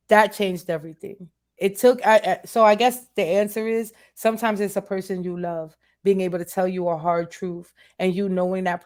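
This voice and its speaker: A woman's voice: on the low side, a little mellow. A woman guest in a candid interview, talking earnestly and emotionally and repeating phrases for emphasis.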